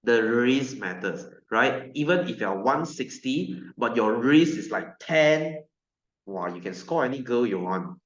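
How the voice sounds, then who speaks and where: A man's voice: medium pitch, lively intonation, measured pace. A man with a Malaysian English accent teaching a science class online in a playful, joking, chatty way. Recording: echoey room, slightly dull lo-fi sound.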